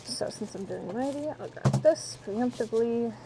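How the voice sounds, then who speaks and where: A woman's voice: a little high, normal speed, gravelly, heavy background noise. A woman streaming live from home on a wireless mic, chatting casually and playfully, swearing now and then. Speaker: streamer and voice actress. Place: home, in a pouring tent and around the house. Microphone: wireless mic on a receiver.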